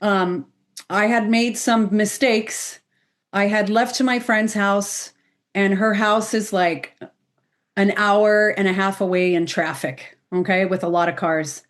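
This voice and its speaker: A woman, a medium, telling personal stories to a podcast panel with lively exclamations. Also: medium pitch, slow pace. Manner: animated storyteller, exclamations.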